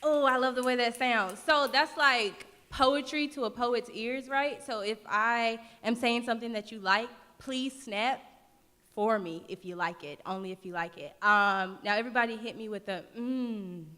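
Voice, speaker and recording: A woman's voice: fairly high pitch, normal speed, bright, forceful tone. A woman poet from North Carolina talking to the audience and performing spoken word. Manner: engaging crowd, rhythmic delivery. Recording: reverberant library hall.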